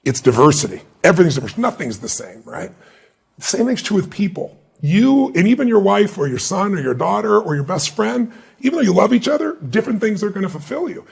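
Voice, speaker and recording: A middle-aged man, a motivational speaker answering an interview, telling stories in an animated way and acting out the voices of people he quotes. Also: high-pitched, brisk, creaky, breathy edge.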